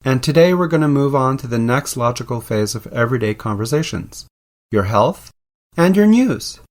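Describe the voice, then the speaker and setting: A man's voice: mid-range voice, animated, moderate pace. A man hosting a podcast, narrating from a script in a playful, explanatory way. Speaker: podcast host.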